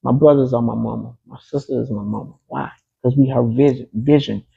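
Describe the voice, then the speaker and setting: A man's voice: medium pitch, steady tone, brisk, gravelly, breathy edge, narrow, tinny audio. A man being interviewed, telling a personal story in a casual, emphatic way, often repeating key phrases. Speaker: interview guest.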